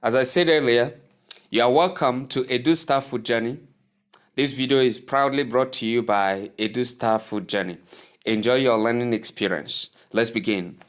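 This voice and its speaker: A man with a Nigerian English accent teaching English pronunciation, repeating each word slowly and deliberately. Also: mid-range voice. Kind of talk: slow instructional lesson.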